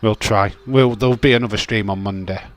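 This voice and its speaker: Here a young man hosting a wrestling watch-along speaks fairly quickly in a fairly low voice with a steady tone. The casual stream commentary is rambling and chatty, peppered with swearing, laughter, and chat read aloud.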